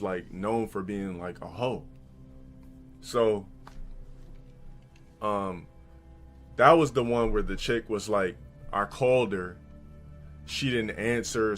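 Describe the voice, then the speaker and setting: A man live-streaming, telling crude stories and giving blunt advice to his chat, often mimicking others in a high, put-on voice. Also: fairly bright tone.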